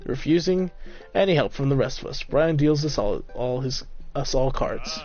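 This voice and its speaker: A man's voice: fairly high pitch, a little mellow. A man streaming, reading a dating game aloud with casual, joking asides. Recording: slightly muffled, faint game music.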